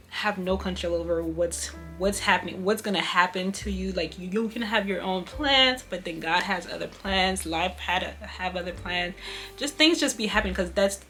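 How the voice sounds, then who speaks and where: A woman's voice: mid-range voice, fairly bright tone. Young woman telling an emotional story. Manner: emotional, repeats "you guys" and "you know" often. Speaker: vlogger. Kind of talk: casual storytelling to camera.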